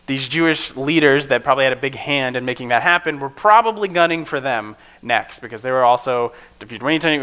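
A man with a bright, forward voice delivers a relaxed, chatty sermon. He keeps turning to the room with quick check-ins, talking with his listeners rather than at them. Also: medium pitch, rough recording. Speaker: preacher. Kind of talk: casual conversational sermon.

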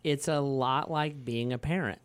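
A man's voice: mid-range voice, unhurried, clean tone, no echo. A man in his forties, a pastor, talking casually on a podcast, rambling through stories with many fillers and restarts and laughing easily.

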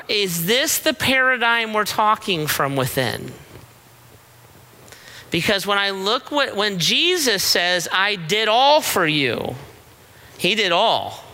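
A man's voice: high voice, bright, forceful tone, low-quality recording. A middle-aged man giving a conversational sermon as pastor, telling stories and checking in with rhetorical questions. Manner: storytelling with frequent rhetorical "right?" checks.

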